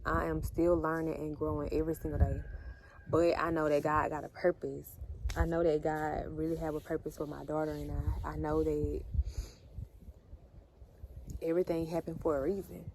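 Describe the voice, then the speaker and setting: A woman vlogger telling a heartfelt personal story straight to her viewers, speaking earnestly and warmly addressing them as a group. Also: deep voice, moderate pace, gravelly. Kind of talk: emotional storytime monologue. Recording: steady background noise.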